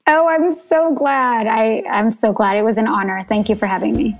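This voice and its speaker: A woman's voice: on the high side, steady tone, normal speed, faint music behind. A woman guest in an interview giving short playful replies and laughing easily. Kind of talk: interview conversation.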